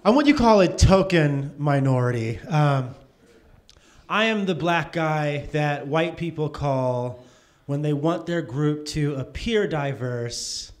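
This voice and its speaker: A man performing stand-up in a comedy club, taking his time over every line. His voice sits slightly high. His delivery is dry and measured, and he makes himself the butt of the jokes. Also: lively intonation.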